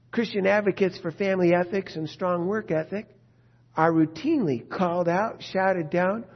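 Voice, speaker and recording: A husky, rather high-voiced man preaches with passion, pressing question after question on his listeners. The recording is dull and lo-fi, and his tone keeps an urgent edge throughout. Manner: impassioned, rhetorical questions. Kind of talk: sermon.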